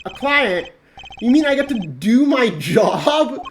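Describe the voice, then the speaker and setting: A woman's voice: fairly high pitch, sing-song, takes it slowly, slight background noise. A woman voicing an exasperated young male defense attorney who protests in a flustered way. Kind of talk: reading game dialogue aloud on a stream. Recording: music playing behind the voice.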